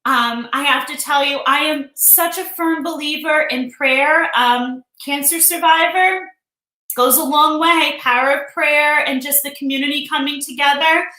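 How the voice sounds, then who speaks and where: High, bright, chatty woman streamer. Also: unhurried. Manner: chatty, emotional, greets viewers by name. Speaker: livestream host. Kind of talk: casual live-stream chat. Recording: echoey room.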